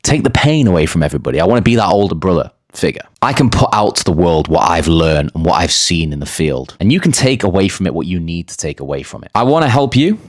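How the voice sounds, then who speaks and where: A man's voice: low-pitched, sing-song, fast, few pauses, no room sound, clean studio sound. A young man speaking as a dating coach, telling his own story straight to the camera in a blunt way, swearing freely. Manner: blunt, swears freely, addresses viewers directly. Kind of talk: candid talking-head monologue.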